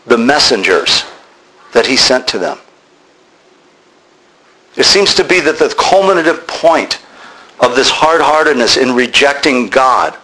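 A man's voice: a little high, sharp tone, poor audio. A man preaching a sermon, emphatic and exhorting his listeners directly.

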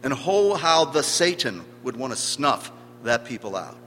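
Guy preaching a sermon, bright forceful voice, long echo in the hall, bit of hum. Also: mid-range voice, big pitch swings, measured pace. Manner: emphatic, rising and falling in volume for stress.

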